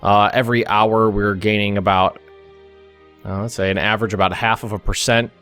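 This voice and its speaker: In a fairly low, fairly bright and clean voice, an American young man delivers flat, moderately paced commentary while hosting a let's play. He reasons aloud through a strategy game in a casual style, restarting frequently and tossing in asides, with faint music underneath.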